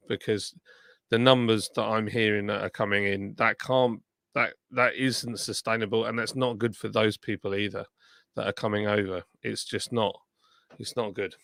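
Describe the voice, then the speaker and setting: A man's voice: fairly low pitch, creaky, sharp tone, no room sound, studio quality. A tired man, streaming live and reading viewer comments aloud in a rambling, self-deprecating, chatty way.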